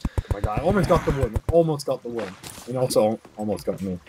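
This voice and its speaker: A man's voice: medium pitch, fast, background noise. A young man chatting casually while playing a game, joking and yelping. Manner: joking, excitable yelps. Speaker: gamer. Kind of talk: casual let's-play chat. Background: game music.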